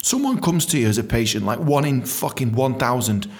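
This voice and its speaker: A British man hosting a podcast, ranting profanely about his work as a dentist and mimicking people in quick voices. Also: mid-range voice, lively intonation, darkish tone. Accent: British English. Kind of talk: profane comedic monologue.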